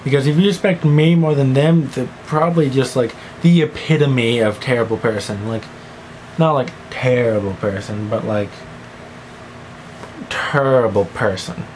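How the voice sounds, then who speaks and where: A man's voice: medium pitch, unhurried, a little mellow, a little hiss or hum, poor audio. Goofy rambling teenage boy vlogger. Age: teens. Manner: goofy, scattered, jumps between silly voices and mumbles. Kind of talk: rambling one-take vlog monologue.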